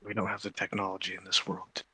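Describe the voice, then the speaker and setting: A man playing a tabletop game who questions the details with a skeptical edge. His lowish voice is husky, with a sharp, bright edge to it. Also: completely flat delivery, fast talker. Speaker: player. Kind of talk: casual tabletop game chat.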